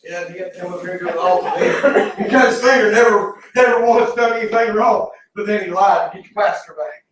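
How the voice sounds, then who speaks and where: A Southern man in his thirties preaching a folksy, story-filled sermon with shouted bursts, heard from a distance in a church sanctuary. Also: high voice, fast talker, very echoey. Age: 30s. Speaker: pastor. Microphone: distant from the mic.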